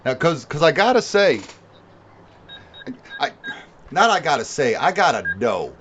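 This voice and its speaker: A man's voice: a little high, sing-song, a little slow, muffled recording, noisy background. A male podcast host asking eager, enthusiastic questions in a casual interview.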